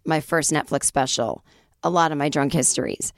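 Low-voiced chatty woman, dry sound. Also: moderate pace, no room sound. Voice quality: slightly raspy. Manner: chatty, self-deprecating, acts out quoted voices. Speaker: podcast host. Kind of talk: casual storytelling monologue.

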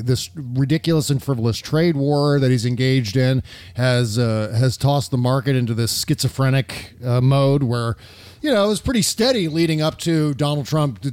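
A man's voice: medium pitch, a little mellow, no room sound. A man co-hosting a casual political chat show, blunt and sarcastic, swearing freely and talking with many fillers. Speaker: podcast co-host.

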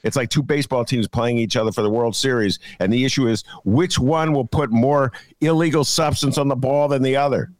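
A man's voice: medium pitch, brisk, hardly any pauses, no room sound. A middle-aged man hosting a casual political talk show, jokey and rambling. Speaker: podcast host.

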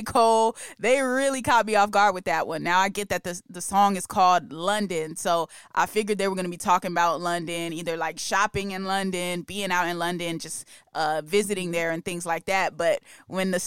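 A man co-hosting a music news show, chatting casually in an animated, slang-filled way and laughing often. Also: sits high, clean tone, dry recording, clean studio sound. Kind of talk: casual chat.

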